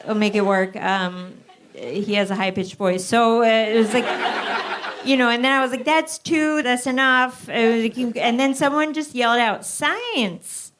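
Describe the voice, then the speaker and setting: A woman's voice: a little high, fairly even intonation, normal speed, noisy background. An American woman, a guest comedian, telling a dry, self-deprecating story on a live podcast.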